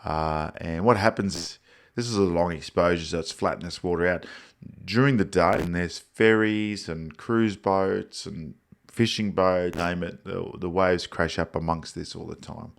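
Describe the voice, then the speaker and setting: A creaky, low-voiced Australian man hosts a live photography stream, talking loosely about viewers' pictures. He's mildly congested, laid-back, and keeps rambling with frequent fillers.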